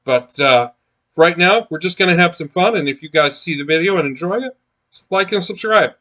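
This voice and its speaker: A man's voice: on the high side, expressive, moderate pace, bright, forceful tone. Chatty man unboxing miniatures. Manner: rambling, chatty, many fillers and restarts. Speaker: miniatures collector unboxing blind boxes. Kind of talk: casual unboxing commentary.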